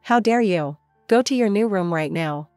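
A woman's voice: medium pitch, animated, normal speed, a little mellow, dry recording, soft background music, close to an everyday voice. A selfish mother putting on a forced, sugary cheer, voiced by a woman storyteller. The sound is dry and close. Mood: falsely sweet. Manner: falsely cheerful. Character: self-absorbed mother with fake sweetness.

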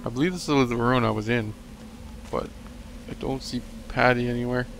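A man's voice: mid-range voice, fairly even intonation, moderate pace, fairly bright tone. A young man commenting on his game as a let's play host, joking and rambling and talking back at the enemies. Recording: noisy home recording.

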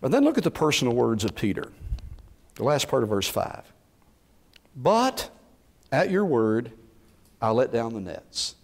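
A man's voice: medium pitch, measured pace, pauses often. A man preaching a sermon, acting out what Bible figures might have said. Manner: animated preaching, acting out Bible characters' words. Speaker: pastor.

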